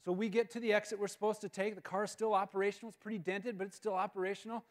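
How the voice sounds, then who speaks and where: Animated, self-mocking storyteller man. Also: high-pitched, rapid-fire. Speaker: guest speaker. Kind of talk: humorous storytelling talk. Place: school auditorium. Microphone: live-stream mic.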